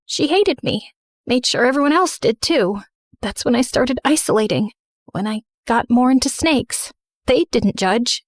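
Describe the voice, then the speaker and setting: A woman narrating a scripted animated story in first person, earnest and remorseful. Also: high voice, no room sound, clean studio sound.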